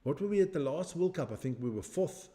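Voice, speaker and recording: A man's voice: a little high, lively intonation, brisk, dark tone. Chatty middle-aged man hosting a stream. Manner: chatty and rambling, answers viewers' comments, jokes about his age. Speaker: watch-along stream host. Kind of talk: casual live stream chat reacting to a match.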